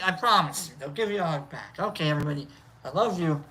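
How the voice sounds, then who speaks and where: A woman hosting a casual livestream, reading out viewer shout-outs in a playful, rambling way and swearing freely. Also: sits low, expressive, quick pace, slight background noise, low-quality recording. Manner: loose and meandering, lots of fillers.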